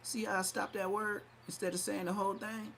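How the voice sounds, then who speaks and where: A brash man hosting a live podcast, roasting his target with mocking commentary. His voice sits a little high and he keeps slipping into hyped, exaggerated voices as he riffs. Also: flat delivery, a little fast, vocal fry, a bit bright, slight background noise. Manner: brash, mocking trash talk. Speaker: podcast host. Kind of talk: livestream commentary.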